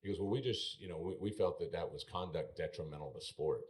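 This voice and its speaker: A man's voice: low voice, fast talker, slight background noise. A middle-aged man, a former rodeo bullfighter, telling stories in a podcast studio and acting out the exchanges he quotes. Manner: animated storyteller, acts out quoted exchanges. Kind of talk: casual storytelling.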